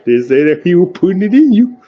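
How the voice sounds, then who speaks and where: A man chiming in with drawn-out reactions. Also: high-pitched, sing-song, dull audio.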